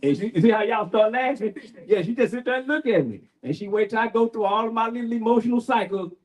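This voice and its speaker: An older man speaks at a community panel in a folksy, preacher-like way. His voice sits fairly high for a man, and he keeps tossing in "right?" to hold the room. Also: fast, low-quality recording. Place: bookshop event room.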